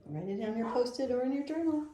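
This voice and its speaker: A woman teacher making quick, joking asides in a classroom. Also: a little high, animated, mellow, roomy sound, slight background noise. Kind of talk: casual classroom banter.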